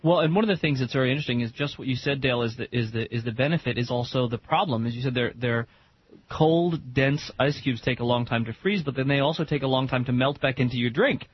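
A man co-hosting a radio talk show, chatty and quick, with frequent restarts. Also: mid-range voice. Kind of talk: radio interview. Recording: slightly dull radio sound with faint hiss.

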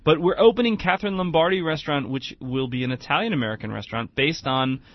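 A man co-hosting a radio show, joking in quick, upbeat announcer style. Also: fairly high pitch, no echo. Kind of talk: casual radio talk. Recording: dull lo-fi radio broadcast.

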